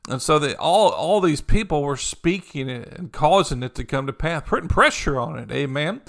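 A male pastor preaching a sermon in a slightly higher-than-usual voice with a gravelly edge. He talks conversationally, circling back to the same encouraging phrases and punctuating almost every thought with "amen" or "you know.". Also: animated, normal speed, fairly bright tone. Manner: repetitive, encouraging cadence.

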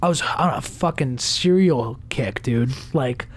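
A man's voice: mid-range voice, measured pace, husky. A young man, co-hosting a podcast in rambling, casual chat with lots of fillers and swearing. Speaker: podcast co-host.

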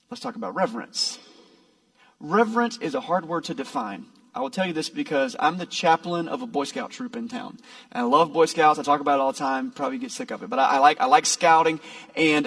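A man's voice: high-pitched, creaky, fairly bright tone, recorded from a distance. A man preaching a sermon as a pastor, talking in a conversational, folksy way with playful asides. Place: church.

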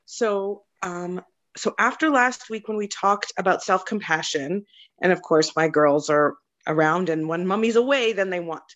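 Mother sharing a moving story, muffled call audio. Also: on the low side. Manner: warm, slowing and softening when moved. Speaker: group member and mother. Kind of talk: casual sharing on a video call. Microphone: video call.

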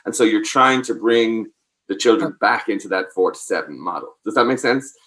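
Giving an advice talk, a man who is a parenting expert speaks with a lowish, animated, fairly bright voice at normal speed. He walks through things patiently, pausing to ask "does that make sense?" to make sure the listener keeps up.

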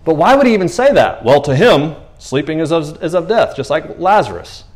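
A man preaching a sermon in a conversational, animated way, acting out the voices of the people in the stories he tells. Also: fairly high pitch, fairly quick.

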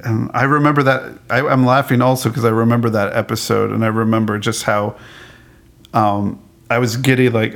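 Man with a gravelly voice, animated. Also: mid-range voice, moderate pace. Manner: animated, laughs often, many restarts. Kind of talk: casual chat about a cartoon.

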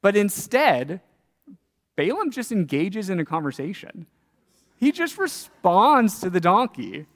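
A male pastor tells a Bible story in his sermon, his high voice swinging widely in pitch as he questions his listeners. The sound carries a long reverb, as from a large hall. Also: very animated, measured pace, long pauses.

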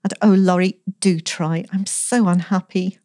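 A woman's voice: on the low side, steady tone, a little slow, mellow, no room sound, studio quality, pitched above the performer's own voice, lightly acted. A woman voicing a tearful, petulant young office girl who pleads and whines. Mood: pleading. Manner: whiny, pleading, breathless.

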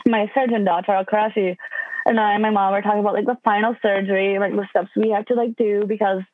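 A woman's voice: medium pitch, steady tone, quick pace. Young woman guest rambling with lots of likes, sounds like a phone call, no room echo. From Wisconsin, USA. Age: 20s. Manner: chatty, lots of "like" fillers. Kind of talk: casual storytelling. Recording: dry phone-line sound.

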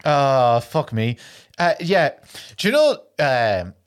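A man's voice: medium pitch, sing-song, slow, smooth. A man co-hosting a podcast, chatting casually about films and swearing often. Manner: crude, swearing, storytelling. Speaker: podcast co-host. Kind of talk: casual film chat.

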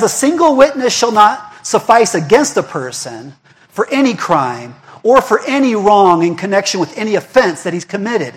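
A young man preaching a sermon in a conversational way. He asks the congregation questions, repeats himself for emphasis and often restarts his words. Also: high voice. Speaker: pastor.

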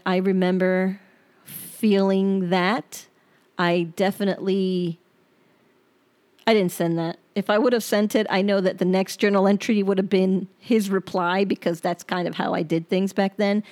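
A woman's voice: mid-range voice, darkish tone. A woman hosting her own podcast, talking in a candid, reflective and rambling way. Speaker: podcast host. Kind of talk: personal podcast monologue.

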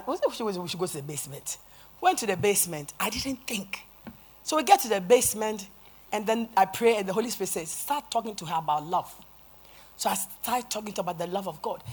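A woman pastor preaching a sermon, telling a story with animated acted-out quotes and rising to shouts. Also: medium pitch, slightly rough. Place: church sanctuary.

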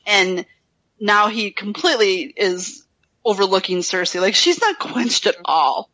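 A woman's voice: mid-range voice, animated, a little slow, sharp tone, lo-fi sound. A woman co-hosting a casual book discussion, chatty, laughing often and filling with "like" and "um". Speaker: podcast co-host summarizing the chapter.

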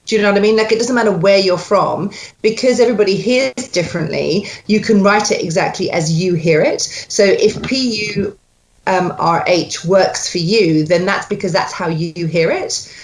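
A woman's voice: medium pitch, moderate pace. A woman working as a dialect coach, animatedly demonstrating sounds and accents to an actor. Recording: echoey room.

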